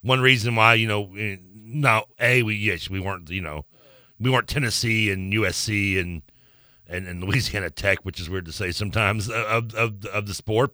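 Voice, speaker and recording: A man's voice: lowish voice, sharp tone, no echo, clean studio sound. A man co-hosting a sports radio show, joking and self-mocking in casual banter. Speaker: radio co-host. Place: radio studio.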